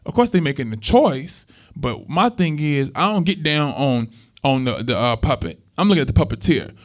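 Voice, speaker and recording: A young man, a minister and activist, talking to an audience in an animated way and acting out voices as he tells stories. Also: fairly high pitch, moderate pace. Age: young adult. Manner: animated storytelling, acts out voices in dialogue. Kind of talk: conversational talk to an audience. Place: event space at a market. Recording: dull lo-fi recording.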